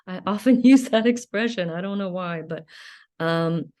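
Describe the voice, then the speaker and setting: A woman's voice: fairly low pitch, fairly even intonation, a little slow, a little mellow. A woman hosting a reflective solo talk, speaking hesitantly with frequent ums and restarts. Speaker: podcast host.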